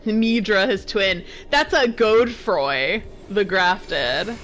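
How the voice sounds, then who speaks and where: A woman's voice: medium pitch, animated, slow pace, a bit bright, soft background music. A young woman casually commenting while she streams a game, tired and yawning, chatting and laughing as she reads item text aloud.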